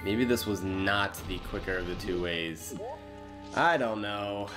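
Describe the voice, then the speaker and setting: A man's voice: fairly low pitch, unhurried. A man giving casual, self-deprecating commentary while playing a video game, thinking aloud as he goes. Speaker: let's play host. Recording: game music behind voice.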